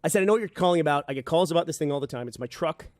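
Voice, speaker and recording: A man on a podcast telling a story in casual chat, animated and acting out the voices of the people he quotes. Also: on the high side, very fast, no echo, clean studio sound. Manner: animated, acts out quoted dialogue. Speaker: podcast host. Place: podcast studio.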